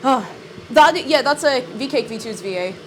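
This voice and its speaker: A young woman's high-pitched, animated voice comes at a moderate pace amid background noise and music behind her. As a livestreamer reading chat aloud, she's bubbly and playful with sing-song asides, and slightly out of breath.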